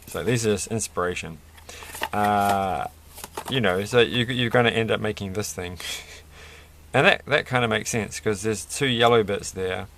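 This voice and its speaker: Casting: man, lowish gravelly voice, rambling self-mocking toy vlogger, faint noise behind. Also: moderate pace, fairly bright tone. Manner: rambling, self-mocking, laughs at his own jokes. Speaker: toy reviewer building a set. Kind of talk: casual off-the-cuff commentary.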